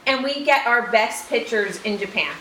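A woman's voice: a little high, expressive, normal speed, bright, forceful tone, reverberant, slight background noise. A woman co-host in casual chat, hesitant with ums but enthusiastic. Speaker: podcast co-host.

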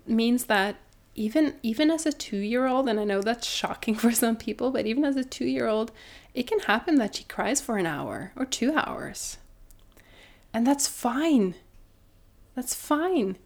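Earnest thirtyish woman talking about raising her kid, reflective, keeps restarting sentences. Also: on the high side. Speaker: guest, mother and doula. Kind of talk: personal storytelling in conversation.

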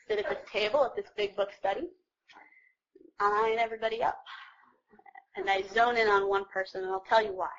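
Chatty self-mocking woman, lo-fi. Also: mid-range voice. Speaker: speaker sharing her story at a recovery meeting. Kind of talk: personal testimony to a group.

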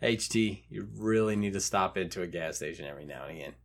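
A man's voice: low-pitched, quick pace. A man co-hosting a casual podcast, teasing his friends with crude, profane jokes.

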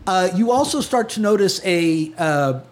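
High-voiced game master, casual and halting. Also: male voice, lively intonation. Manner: casual, hesitant, many fillers. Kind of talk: narrating a tabletop game.

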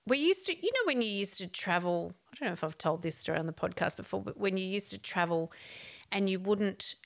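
A woman's voice: medium pitch, animated, fairly quick, vocal fry. A woman co-hosts a podcast in casual chat, speaking in an everyday mid-range voice. She responds readily and tells stories of her own. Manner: responsive, chatty listener. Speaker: podcast co-host.

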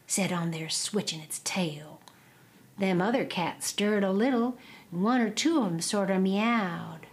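A woman, telling an old folk tale in a drawling, expressive oral style. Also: medium pitch, unhurried. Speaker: storyteller.

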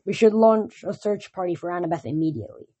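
Kindly, wise old centaur mentor, gentle and measured, husky and low, read by a woman. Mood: concerned. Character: kindly wise male centaur teacher, older.

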